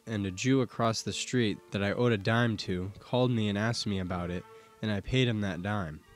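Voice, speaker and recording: A man narrating an audiobook, giving a steady, measured first-person reading of historical court testimony. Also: on the low side, soft background music.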